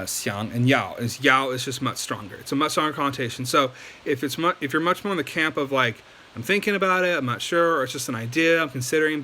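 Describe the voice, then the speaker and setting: Man, casual lesson host; bright, chatty, lots of filler, faint hiss. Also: mid-range voice. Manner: loose and chatty, many ums and likes. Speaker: language teacher.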